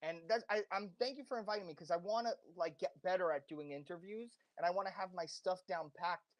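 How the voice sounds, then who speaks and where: A man's voice: high-pitched, fairly quick. Man giving impassioned, rambling advice. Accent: slight accent. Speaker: interview guest. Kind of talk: casual podcast interview.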